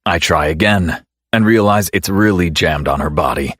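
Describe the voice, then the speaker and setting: A man narrating a first-person romance audiobook in a wry, teasing, measured way. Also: low voice, fairly bright tone, no echo, clean studio sound.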